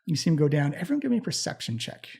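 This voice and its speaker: A man running a tabletop game as game master, playful and quick to laugh. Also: on the high side, sing-song, gravelly, background noise.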